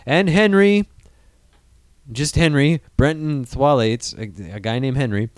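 A man's voice: medium pitch, slow pace, no echo. A man hosting a podcast, casual and crude, joking and reading out film news with lots of fillers. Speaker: podcast host.

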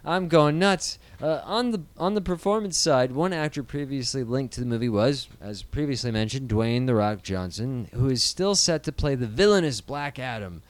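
A man's voice: mid-range voice, expressive, normal speed, hardly any pauses, dry recording. A man co-hosting a casual movie news show, rambling and sarcastic, swearing often. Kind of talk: casual profane banter.

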